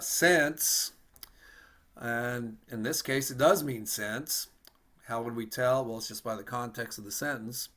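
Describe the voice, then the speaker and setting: A man's voice: on the high side, fairly bright tone. Patient man teaching a language lesson. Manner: patient, slow demonstration of words, easygoing asides. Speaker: Spanish teacher. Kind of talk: casual online language lesson.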